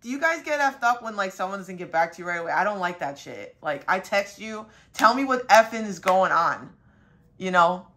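A woman's voice: animated, normal speed, fairly bright tone. A young woman, a spiritual reader, telling a rambling casual story full of fillers and mild cursing. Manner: quotes her dad in a higher voice.

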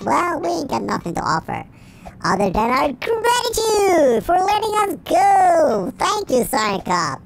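A cheeky cartoon chipmunk gives giggly, exclamatory let's play commentary on a Roblox game. A sped-up pitch effect makes the voice very high and squeaky, and its pitch leaps around constantly. The recording has clear background noise. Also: a bit bright, exaggerated voice, low-quality recording. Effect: sped-up high chipmunk pitch shift.

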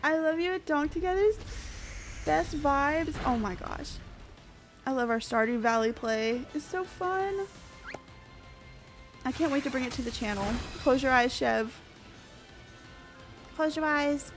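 A woman, chatting excitably with viewers while she streams a game. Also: high-pitched, unhurried, pauses often, faint music behind. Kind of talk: casual live-stream chat.

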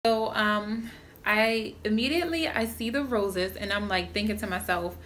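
A young adult woman talking casually to her channel, telling a story in a chatty, excitable way. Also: mid-range voice, moderate pace. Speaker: vlogger. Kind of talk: casual chat.

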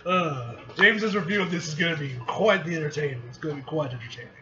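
A man hosting a casual manga reaction video, animated and exclaiming, swearing freely as he reads along. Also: fairly high pitch, fast, highs cut off, a little hiss or hum.

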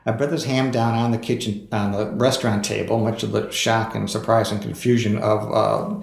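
A man's voice: fairly low pitch, level tone, moderate pace, creaky. A man, a book author, telling anecdotes in a casual podcast interview, with fillers and chuckles. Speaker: author guest. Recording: echoey room.

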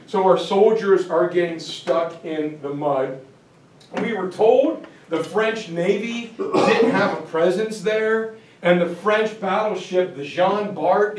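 A man giving a history lecture to a class, telling it as a lively, joking story. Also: high voice. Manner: animated, joking storytelling with acted-out voices. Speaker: teacher. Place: lecture room. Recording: roomy, from far off.

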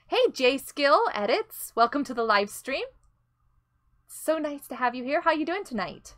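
A woman hosting a casual gameplay live stream, excitable and giggly as she reacts to the game and greets viewers by name. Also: high-pitched, a little slow.

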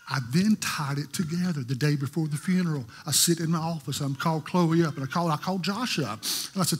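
A pastor preaching a sermon, telling stories in a voice that moves from hushed to emphatic. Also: male voice, on the high side, a little fast, slightly rough. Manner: storytelling, shifting from hushed to emphatic.

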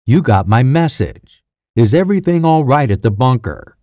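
A man's voice: mid-range voice, very animated, moderate pace, dark tone, no room sound, studio quality, natural voice. A man voicing a determined army major in an audiobook, asking urgent, anxious questions.

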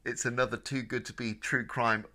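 A British man co-hosting a comedy podcast, chatting in an animated, jokey way with swearing and laughter. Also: mid-range voice, normal speed. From United Kingdom. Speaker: podcast co-host. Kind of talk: casual comedy podcast chat.

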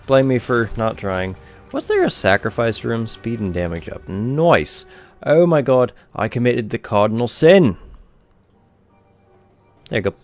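A young man giving rambling, offhand let's-play commentary over a video game, swearing casually. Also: fairly low pitch. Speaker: gameplay commentator.

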